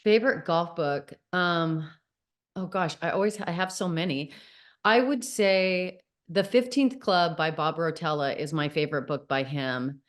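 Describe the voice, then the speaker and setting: Woman, golf coach, interview guest, chatty, low-pitched, video call. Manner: chatty, laughs easily. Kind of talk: casual interview chat.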